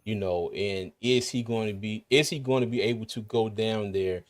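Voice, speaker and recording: A man's voice: on the low side, moderate pace. A man with a slight lisp hosting a casual sports talk livestream, rambling and laughing often. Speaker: podcast host.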